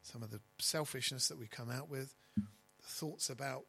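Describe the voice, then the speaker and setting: A man preaching a sermon as pastor, stressing key words loudly and dropping to quiet asides. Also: medium pitch, moderate pace, hardly any pauses, slightly rough, rough recording. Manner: emphatic, swinging between loud stresses and quiet asides.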